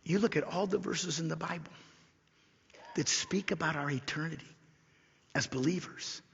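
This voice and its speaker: Male pastor, sermon delivery, raspy and gravelly, dull lo-fi sound, slows and whispers on key points. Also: a little high, a bit bright. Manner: repeats key lines slowly for emphasis, drops to a whisper. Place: church sanctuary. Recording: dull lo-fi recording in a reverberant church hall.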